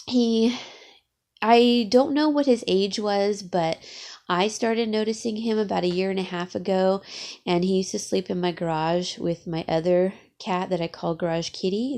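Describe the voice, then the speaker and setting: A woman's voice: medium pitch, mellow. Teary woman vlogging from her garage. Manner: tearful, sniffling, halting with many fillers. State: teary from crying. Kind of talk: casual vlog talk. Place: home garage.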